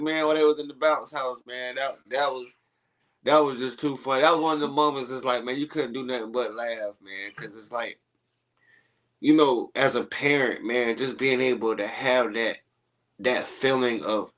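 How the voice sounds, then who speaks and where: A man telling stories in casual podcast chat, animated and laughing, acting out what he and others said. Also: mid-range voice, normal speed, muffled recording. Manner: animated, laughing storyteller, acts out his own quotes. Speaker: guest.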